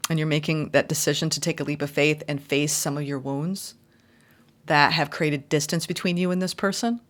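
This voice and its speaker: A woman giving an intuitive tarot reading, heartfelt and effusive, sometimes reading card meanings aloud in a gentle, spiritual manner. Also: low-pitched, steady tone, normal speed. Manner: emotional and effusive. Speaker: tarot reader.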